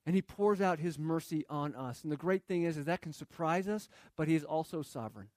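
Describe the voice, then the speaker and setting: A man's voice: on the high side, expressive, brisk, dry recording, clean studio sound. A man preaching a sermon in a conversational way, reading scripture and asking rhetorical questions. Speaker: pastor.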